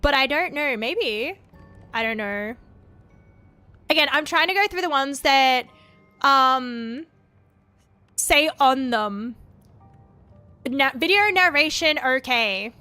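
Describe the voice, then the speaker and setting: Chatty Australian woman, bright and high. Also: animated, no echo, faint music behind. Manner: rambling, halting, with frequent restarts; swears casually. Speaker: VTuber streamer. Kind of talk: casual live-stream chat.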